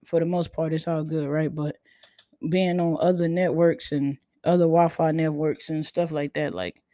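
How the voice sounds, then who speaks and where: A woman hosting a casual podcast, talking in a laid-back, near-monotone way and sounding tired. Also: low-pitched, normal speed, no room sound, clean studio sound. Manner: self-described monotone, laid-back delivery. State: tired, sleepy. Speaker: podcast host. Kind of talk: casual chat.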